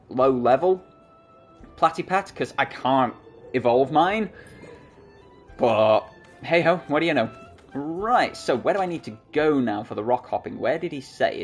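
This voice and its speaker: Chatty, self-mocking man with a lively voice. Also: medium pitch. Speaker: gaming channel host. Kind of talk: casual game commentary. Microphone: desktop USB microphone.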